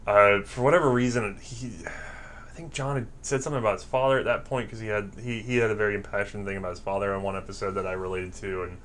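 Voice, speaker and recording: A man from the American South with a fairly low voice, swapping stories in an easygoing chat. He is animated, acts out what people said and laughs a lot as he goes. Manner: animated storyteller acting out quotes, laughing often. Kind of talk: casual storytelling chat.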